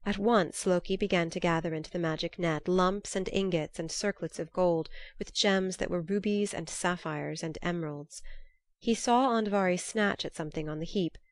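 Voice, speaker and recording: Woman, storybook narrator, measured reading, fairly low voice, dry close sound. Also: dry recording.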